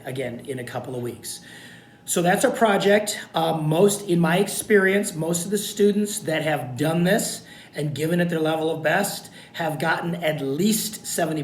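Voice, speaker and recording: A man recording a video lecture for his college class, talking informally and checking in with "okay?" again and again. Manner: repetitive, informal, frequent "okay?" check-ins. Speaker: college instructor. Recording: echoey room with faint rumble.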